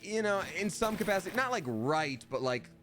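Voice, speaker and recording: A man's voice: sits high, sing-song, fairly quick, a bit bright, faint music behind. A man streaming a fantasy video game, chatting casually and playfully with viewers. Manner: chatty, playful, jumps into silly voices. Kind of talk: casual livestream gaming commentary.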